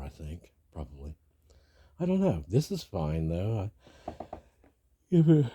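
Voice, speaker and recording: Deep, husky man with a gravelly morning voice. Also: dark tone, dry recording. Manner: rambling, self-interrupting musing. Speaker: vlogger. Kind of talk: casual spiritual vlog monologue.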